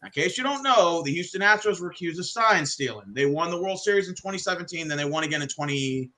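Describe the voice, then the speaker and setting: Excitable profane man. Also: fairly high pitch, quick pace. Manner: profane, excitable, does mock wrestling voices. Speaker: podcast host. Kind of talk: casual sports chat.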